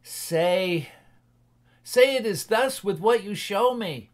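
A man reading a storybook aloud and voicing Ebenezer Scrooge as a frightened old miser begging a ghost, in a high, strained, pleading voice. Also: lively intonation, slow. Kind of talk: dramatic audiobook reading.

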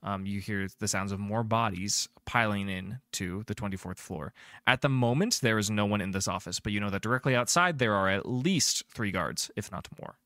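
A man narrating as game master in a tabletop game, chatty and descriptive and filling his pauses with um and uh. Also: fairly low pitch, pushed and bright, no echo, studio quality.

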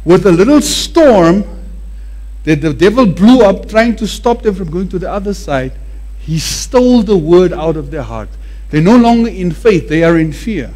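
A man preaching a sermon with animated emphasis, often repeating words to drive a point home. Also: sits high, moderate pace.

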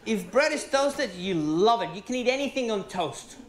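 A man from Venezuela with a Venezuelan accent and Spanish as his first language, performing a sweary, animated stand-up routine on stage. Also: high voice, moderate pace, background noise. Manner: animated, swearing, rising to exclaim. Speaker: stand-up comedian. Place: stage in a comedy venue with live audience. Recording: roomy live venue sound.

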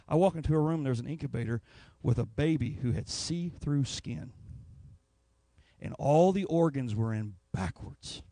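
A man's voice: mid-range voice, creaky, dry recording. A man preaching a sermon in a church, telling a personal story. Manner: storytelling, rising to anguished shouts. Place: church sanctuary.

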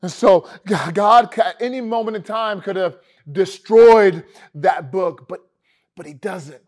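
A man's voice: high-pitched, measured pace. A man preaching a sermon to an online congregation, talking conversationally and repeating words for emphasis. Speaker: pastor. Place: church online worship video.

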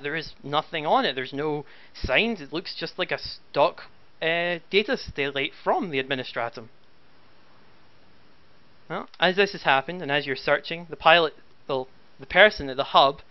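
A man's voice: fairly high pitch, clear, resonant tone. Man narrating as game master. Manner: slow, halting narration with fillers. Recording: dull lo-fi voice chat.

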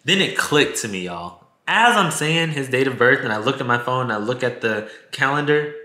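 Guy vlogging a storytime, super bright voice, emotional and cussing, roomy echo. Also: mid-range voice, expressive, moderate pace. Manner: candid, emotional, swears freely. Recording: echoey room sound.

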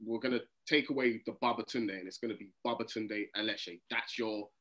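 Animated London man telling stories. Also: on the low side, fairly quick. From England. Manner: animated storytelling, acts out quoted voices. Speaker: comedian guest. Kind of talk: casual interview chat.

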